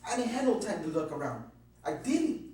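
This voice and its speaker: A frightened man is questioned by police, his warm voice sitting high with big pitch swings and a slightly fast pace. He stammers, repeats himself, and curses heavily as he rambles through his account, in an echoey room with a distant mic and faint hum.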